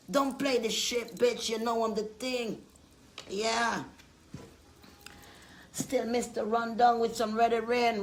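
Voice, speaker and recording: A woman delivering a loud, profane rant in loose rhymes, half rapping and laughing between lines. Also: on the high side, roomy sound, far from the mic. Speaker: vlogger. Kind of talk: profane rhyming rant to camera.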